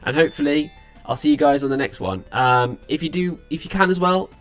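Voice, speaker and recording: A man's voice: a little high, lively intonation, brisk, fairly bright tone. A young man hosting a music reaction video, chatting casually and rambling with frequent restarts, sounding tired. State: tired, yawning.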